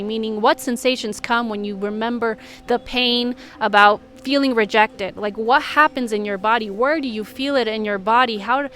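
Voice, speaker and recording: A woman's voice: on the high side, sharp tone. A woman who works as a healing coach talks in a candid, earnest vlog monologue, with frequent "like" fillers.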